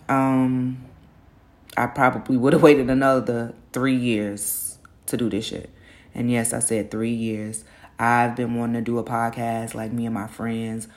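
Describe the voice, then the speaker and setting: A middle-aged woman hosts a casual solo podcast, speaking candidly in slangy, self-encouraging language and sounding openly nervous. Her voice is groggy from the early morning and rumbles low.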